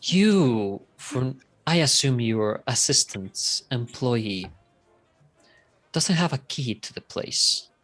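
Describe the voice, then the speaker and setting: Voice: medium pitch, animated, slow pace, a bit bright, soft background music. A woman player in a tabletop game, hesitant and stammering as she speaks. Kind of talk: tabletop role-play.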